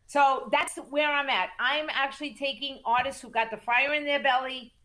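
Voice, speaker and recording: A woman guest in a casual interview, telling music business stories in an animated, emphatic way, repeating words for stress and cursing casually. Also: high voice, normal speed. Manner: acts out quoted voices in lively storytelling. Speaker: music manager and entertainment attorney, guest.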